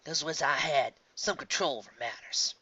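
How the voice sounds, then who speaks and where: A man reads a young bartender who grumbles earnestly about how things are run. The voice stays near a plain, bright male tone. It is muffled by a dull, lo-fi recording. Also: a little high, moderate pace, husky. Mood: grumbling.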